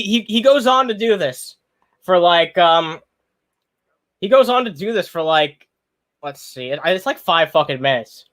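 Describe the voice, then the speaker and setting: A man's voice: fairly high pitch, a bit bright. A man streaming live, giving blunt, profane commentary on a video and greeting viewers in the chat, sometimes talking with his mouth full. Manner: talks while eating.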